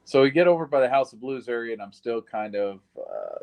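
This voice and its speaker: A man's voice: medium pitch, lively intonation, fairly quick, creaky, phone-quality sound. A man giving a recorded witness interview about surviving a shooting, telling it in a blunt, plain-spoken way with some swearing.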